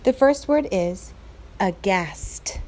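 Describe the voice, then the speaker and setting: A woman teacher reading a novel aloud to her class, clear and expressive. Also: mid-range voice, slow pace.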